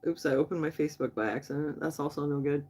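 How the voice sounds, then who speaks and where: This woman talks fast in a low voice that's a little mellow and slightly rough. Hosting a laid-back late-night livestream, she speaks straight to people in the chat, friendly and loose, with frequent laughter.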